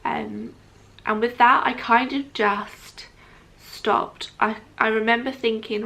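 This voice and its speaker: A woman's voice: fairly high pitch, steady tone, slow, vocal fry, pushed and bright. A young adult woman telling a personal story to camera in a chatty, casual way, with frequent ums, often quoting what others said. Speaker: vlogger.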